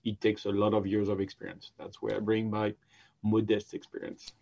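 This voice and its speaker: Measured man explaining finance as a guest. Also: on the low side, monotone, creaky, warm tone. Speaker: guest, expert witness. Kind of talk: casual interview.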